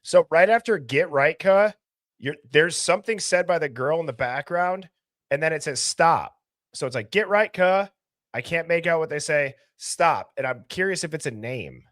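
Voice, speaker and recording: A man's voice: fairly high pitch, animated, brisk, fairly bright tone, no room sound, clean studio sound. A man hosting a live stream, thinking aloud and asking questions as he goes. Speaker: host. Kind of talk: casual live-stream discussion.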